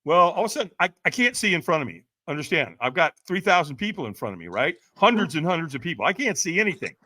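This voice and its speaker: A man tells a story with lots of energy, his pitch swinging widely as he acts out what other people said. His voice sits a bit high for a man. He keeps checking in with the listener with a quick "right?". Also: very animated, pushed and bright, no room sound. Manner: dramatic, acts out quotes, often asks "right?". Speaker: podcast guest. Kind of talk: animated storytelling.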